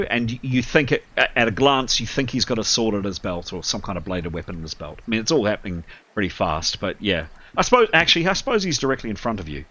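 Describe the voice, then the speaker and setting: A man narrates a tabletop role-playing session as game master, hesitating often and filling pauses. His voice is bright and forceful, and the recording sounds a little dull and lo-fi. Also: medium pitch. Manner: apologetic, hesitant with many fillers.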